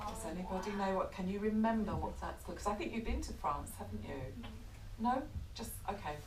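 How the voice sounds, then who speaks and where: A middle-aged English woman reading a picture book aloud to children, animated, stopping to ask them questions. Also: mid-range voice, fairly quick, noisy background. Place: bookshop or café event room. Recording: echoey room, distant mic, background chatter.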